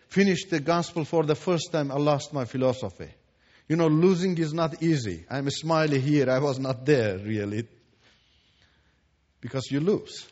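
Emphatic man. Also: mid-range voice. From Iran. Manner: emphatic, repeats words for stress, swings from hushed to loud. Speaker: Christian teacher giving testimony. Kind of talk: preached testimony. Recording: echoey hall, dull lo-fi sound.

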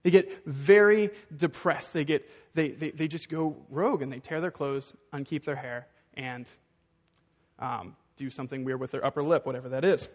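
High-voiced man preaching a casual sermon. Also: moderate pace. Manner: conversational, asks rhetorical questions, acts out quoted voices. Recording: dull, echoey hall sound.

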